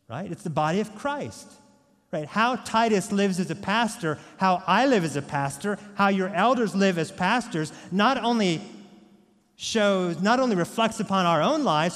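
A male pastor delivers a sermon with emphasis, often checking in with rhetorical questions. His voice sits on the high side for a man. It rings out with the long reverb of a church hall. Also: fairly bright tone.

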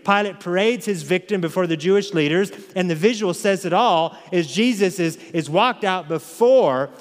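A man's voice: high-pitched, normal speed, in a large hall. A man preaching an expository sermon, emphatic and full of rhetorical questions. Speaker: pastor.

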